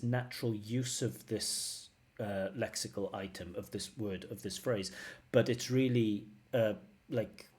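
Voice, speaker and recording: A man's voice: fairly low pitch, darkish tone. A man working as a language test examiner, giving analytical feedback and repeating phrases to model pronunciation.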